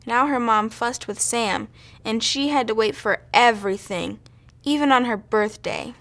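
A young woman reading a children's storybook aloud in a lively, expressive way. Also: on the high side, a little slow.

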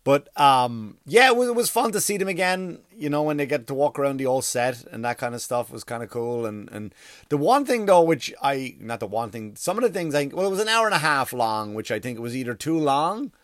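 Male comedian, rambling profane monologue, mid-pitched, dry close sound. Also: big pitch swings, a little fast, fairly bright tone, no echo. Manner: rambling, profane, full of "like" and "you know". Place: workspace across from a school.

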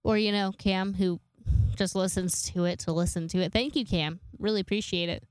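Young woman, solo podcast host, congested, rambly and self-mocking, smooth clear tone in a dry close sound. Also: medium pitch, steady tone, moderate pace, no room sound. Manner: rambling, self-deprecating, swears casually. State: congested from a sinus infection. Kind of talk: casual solo podcast monologue.

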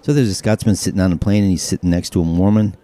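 A man hosting his own podcast, telling jokes casually and popping into character voices and shouted punchlines. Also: low-pitched, fairly even intonation, rapid-fire, loud music behind the voice. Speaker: podcast host.

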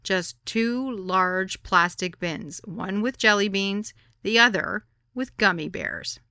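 A woman narrating her own memoir as an audiobook, wry and deadpan. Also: mid-range voice, slow pace, no room sound, clean studio sound.

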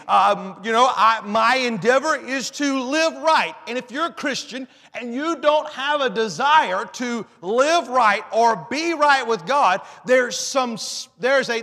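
A man's voice: extremely high pitch, pushed and bright. A man preaching a sermon, earnest, often repeating and restarting phrases as he quotes scripture. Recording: long reverb in a hall.

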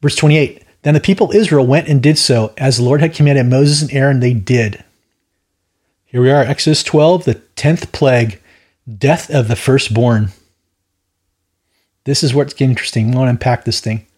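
Husky man teaching scripture. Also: medium pitch, normal speed, darkish tone. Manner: rambling, stammers and repeats words, opinionated asides. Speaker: Bible study host. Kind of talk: verse-by-verse Bible teaching.

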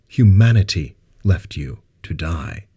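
A man voicing an elderly male scientist in an audiobook, speaking with measured, buttery gravitas. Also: deep voice, animated, warm tone, slightly rough, full character voice. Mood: regal.

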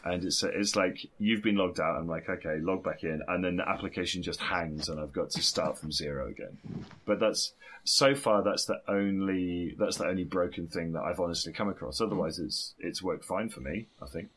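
Deep-voiced man in casual gaming chat. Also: moderate pace, a bit bright, breathy edge. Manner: swears freely, jokey, laughs often. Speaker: podcast co-host.

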